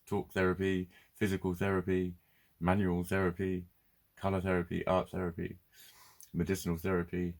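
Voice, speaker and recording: A man's voice: sits low, little pitch movement, a little fast. A man ranting bluntly and swearing in a casual vlog. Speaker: vlogger. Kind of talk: casual ranting monologue to camera.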